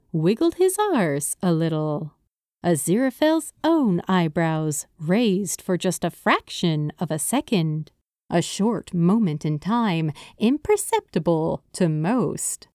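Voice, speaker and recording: A woman narrating a story aloud, in an expressive, unhurried reading. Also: fairly low pitch, no echo, clean studio sound. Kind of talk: audiobook narration of fan fiction.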